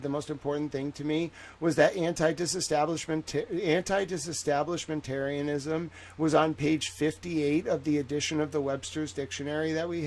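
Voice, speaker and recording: Gravelly-voiced man rambling on a stream. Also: fairly high pitch. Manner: rambling, profane, heavy use of "like". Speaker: livestream host. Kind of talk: casual livestream chat.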